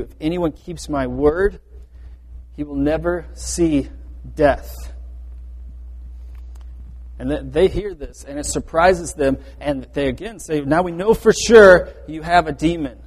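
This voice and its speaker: Man preaching with a high-ish voice in a reverberant hall. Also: a little slow. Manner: earnest, restarts phrases, stresses quoted verses. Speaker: pastor. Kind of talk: sermon.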